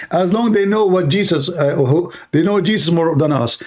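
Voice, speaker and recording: A man hosting a livestream, speaking sarcastic, mocking broken English and swinging between loud outbursts and exaggerated slow, soft talk. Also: on the high side. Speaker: livestream host. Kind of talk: livestream debate commentary.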